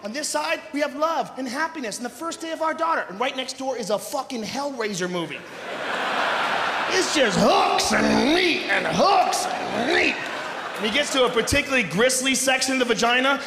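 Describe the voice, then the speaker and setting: High-pitched guy yelling his stand-up bit, cussing a lot, big roomy hall sound. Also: fast, few pauses. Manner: loud, profane, swings into shouting. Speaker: stand-up comedian. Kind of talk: stand-up routine. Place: large concert hall, live audience. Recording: echoey live hall recording with noise.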